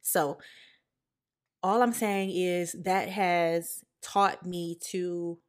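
A young woman hosts a podcast and shares a personal story in a candid, conversational manner. Her voice sits a little low for a woman. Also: steady tone, drawn-out words. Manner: candid, conversational, emotional at times. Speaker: podcast host.

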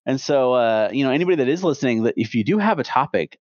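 A man's voice: medium pitch, expressive, fast, darkish tone, dry recording. A man in his thirties co-hosting a podcast, talking casually with a rambling, opinionated manner and many restarts. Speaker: podcast co-host. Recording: dull, dry podcast audio.

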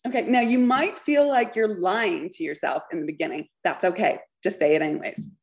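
A woman hosting her own podcast, coaching listeners in a lively talk that keeps checking in with "okay". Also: medium pitch, moderate pace, few pauses. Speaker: podcast host, business coach.

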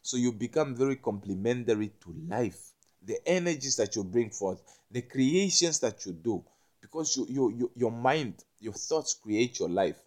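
A man giving a casual spiritual talk, rambling, restarting his words often and swinging between quiet and loud. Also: medium pitch, animated, moderate pace. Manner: acts out little quoted voices with gasps and curses.

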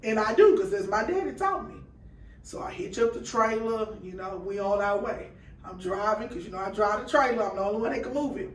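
A woman's voice: medium pitch, animated, brisk, recorded from a distance. A woman guest on a podcast, telling a story in casual chat and acting out the dialogue with quoted voices. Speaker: guest, food truck owner. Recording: roomy sound from off-mic.

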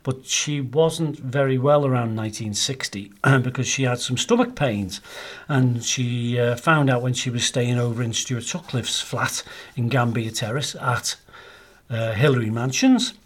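A man talks through a long local history story on his podcast. He wanders, pauses on "uh" and "um", and keeps it casual. His voice sits at an ordinary middle pitch. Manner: rambling, chatty, lots of fillers. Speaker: podcast co-host.

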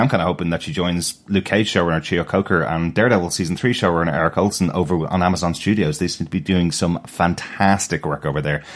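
Male podcast co-host, very low voice, rapid delivery, informative and chatty. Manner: brisk, informative, laughs easily. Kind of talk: casual review chat.

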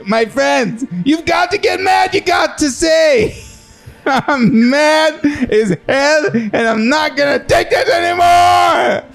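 A man, a comedian guest, doing an improvised comedy bit with drawn-out, exaggerated delivery. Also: extremely high pitch, vocal fry.

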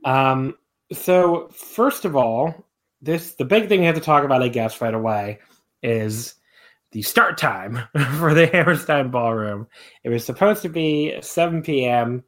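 A man's voice: medium pitch, measured pace, a bit bright. A young man co-hosting a podcast in casual chat, rambling with many fillers and restarts. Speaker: podcast co-host.

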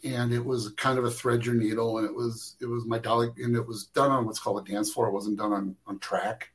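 A man's voice: medium pitch, little pitch movement, a little fast, rough recording. A man who works as a camera operator, telling behind-the-scenes stories in a casual interview, rambling with many restarts and fillers.

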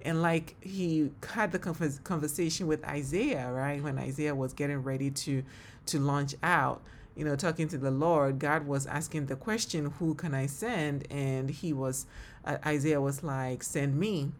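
A woman's voice: deep voice, fairly even intonation, measured pace, a little hiss or hum. A woman with a Ghanaian accent hosting a faith-based podcast, talking in an earnest, heartfelt way and laughing often. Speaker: podcast host and ministry leader. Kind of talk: reflective faith-based solo podcast talk.

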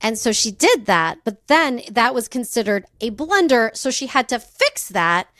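A woman's voice: fairly high pitch, sing-song, moderate pace, fairly bright tone, no echo, studio quality. A woman from California co-hosting a podcast, telling a history story in casual chat, laughing often and acting out quoted voices. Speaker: podcast co-host.

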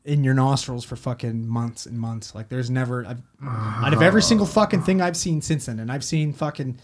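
A man's voice: medium pitch, fairly quick, slight background noise. A man, a paramedic telling a story in casual talk, rambling and swearing a lot. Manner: heavy swearing, rambling with fillers.

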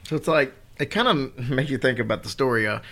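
A man's voice: medium pitch, expressive, brisk, a bit bright. A man co-hosting a podcast, telling stories and teasing dryly in casual chat. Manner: dry, teasing storyteller. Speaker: podcast co-host.

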